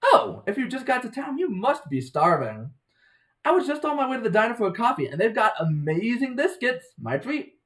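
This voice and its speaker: A man voicing a friendly, chatty young woman from a small town, speaking in a raised, bright voice. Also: very animated, fairly quick, exaggerated voice, rough recording. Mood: warm. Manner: bright, chatty, higher-pitched.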